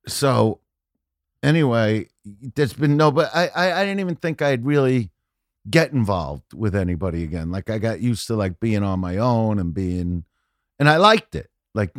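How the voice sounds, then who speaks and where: A brash man spins a profane story in relaxed podcast chat, his voice swinging widely in pitch as he builds into loud rants. The sound is close and dry, with no room around it. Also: a little slow, no echo. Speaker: guest comedian.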